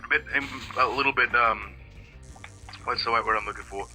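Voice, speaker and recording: A man's voice: medium pitch, brisk, sharp tone, faint music behind. A man chatting casually over a video game, rambling, swearing freely and often hunting for the right word. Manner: rambling, profane, searching for words. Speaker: let's play co-host. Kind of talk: casual chat over gameplay.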